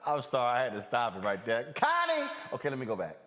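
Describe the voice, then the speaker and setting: Chatty male podcast host, halting delivery. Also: medium pitch, a bit bright. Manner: hesitant, full of fillers and restarts. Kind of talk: casual commentary.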